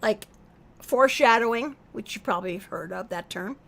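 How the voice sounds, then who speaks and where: A middle-aged woman, a mother, co-hosts a casual music chat while a song plays faintly behind her. Her fairly high, creaky voice moves at a normal speed, musing and thoughtful, turning lively when she gets excited.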